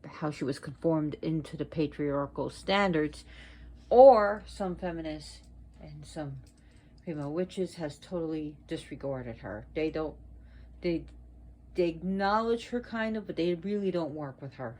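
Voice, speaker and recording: A woman presenting a casual educational video at home, talking slowly and deliberately and repeating words for emphasis. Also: deep voice, warm tone. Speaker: video presenter on mythology and witchcraft. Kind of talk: casual educational talk to viewers.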